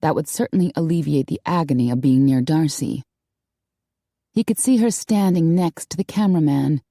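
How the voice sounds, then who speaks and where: This is scripted narration of a romance audiobook by a woman with a low voice. She keeps a steady, measured storytelling pace, and the studio sound is clean with no echo.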